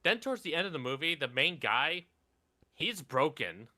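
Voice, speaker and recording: Indignant ranting man, very bright voice. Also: a little high, big pitch swings, moderate pace. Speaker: co-host. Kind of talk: reaction commentary.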